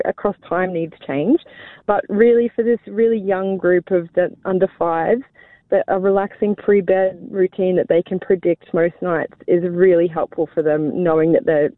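A woman's voice: medium pitch, dry recording. A woman researcher talking on a phone interview, chatty with frequent ums and small laughs. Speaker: sleep researcher guest. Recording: tinny phone line, dry.

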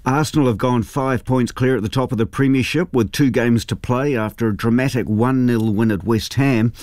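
Nz sports reader guy, brisk formal, dry studio sound. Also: mid-range voice, darkish tone, no room sound. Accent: New Zealand. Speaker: sports newsreader. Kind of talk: sports news bulletin.

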